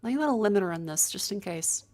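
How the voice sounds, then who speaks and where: A woman's voice: medium pitch, animated, fast, a little mellow. A woman streaming live, chatting casually and joking as she moves a handheld mic around to test it. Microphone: handheld mic moved around while testing.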